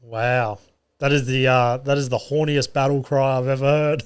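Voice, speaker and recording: Medium-pitched, unhurried, clear, and resonant, this voice belongs to an Australian comedian running a solo podcast in a studio. He's a chatty, foul-mouthed storyteller with a self-deprecating streak.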